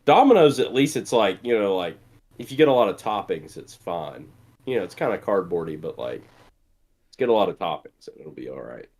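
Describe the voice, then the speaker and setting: Laid-back low-voiced man, Southern US accent. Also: sing-song, fairly quick, a little mellow, slightly rough. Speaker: podcast co-host. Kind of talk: casual chat.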